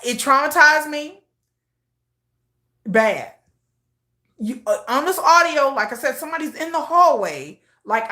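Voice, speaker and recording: A woman commentary vlogger speaks casually and emotionally, repeating herself and often restarting. Her voice is on the high side with a sharp tone, and the recording is reverberant.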